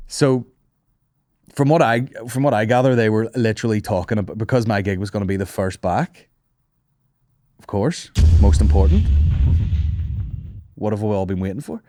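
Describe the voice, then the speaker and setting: A man's voice: on the low side, normal speed, pauses often, warm tone, no room sound, clean studio sound. A young man, hosting a comedy podcast in a rambling, sweary monologue and laughing at his own jokes.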